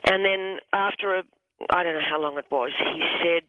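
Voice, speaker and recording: Over a thin, tinny phone connection with a little hiss or hum, a hypnotherapist recounts one of his sessions on a radio call-in. His voice is even and mid-pitched, but his speech stumbles, restarting often and repeating words before it moves forward.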